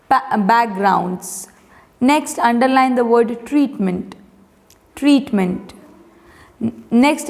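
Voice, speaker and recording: Indian English woman teacher, higher voice, slow repetitive dictation for young pupils, reverberant room. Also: gravelly. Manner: slow, deliberate dictation, repeating each word. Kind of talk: reading a textbook lesson aloud to children.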